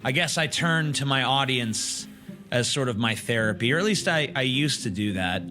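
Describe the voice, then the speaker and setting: A man's voice: mid-range voice, expressive, moderate pace, over music. A man speaking reflectively in an interview clip.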